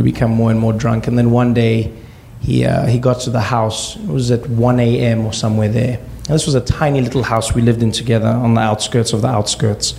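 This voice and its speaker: A man in his thirties from South Africa, telling a stand-up comedy story and acting out quoted voices in sudden high-pitched bursts. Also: creaky, mellow, slight background noise.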